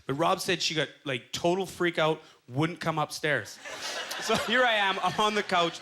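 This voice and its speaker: Onstage at a comedy club, a bright, high-voiced Canadian comic does stand-up at normal speed, telling stories and performing quoted voices. Audience laughter fills the background, with a little hiss or hum.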